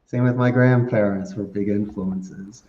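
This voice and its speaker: This podcast guest speaks in a lowish, mellow voice with fairly even intonation and an unhurried pace. He's chatty, plays with words, and laughs a lot in relaxed interview conversation, captured in a dull, roomy recording.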